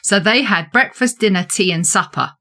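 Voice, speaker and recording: Woman, Southeast English accent, guest, lively storyteller. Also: medium pitch, normal speed. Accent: Southeast English, softened. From London, England. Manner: lively storyteller, acts out voices. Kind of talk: casual interview chat.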